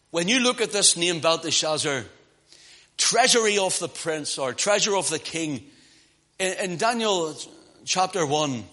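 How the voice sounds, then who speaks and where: High, bright-voiced male preacher. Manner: impassioned, swings from loud emphasis to hushed asides. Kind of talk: sermon.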